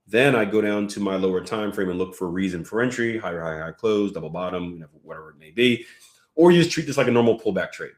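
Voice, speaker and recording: A man's voice: fairly low pitch, expressive, fast talker, roomy sound. A man teaching a live trading lesson in a conversational way, walking through charts and reading viewer comments aloud. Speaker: trading coach.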